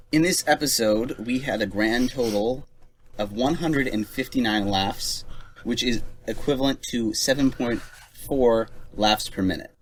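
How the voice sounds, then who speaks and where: A man co-hosting a casual podcast, talking in a measured way and reading out figures. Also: mid-range voice, a little hiss or hum, rough recording. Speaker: podcast co-host. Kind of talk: casual chat.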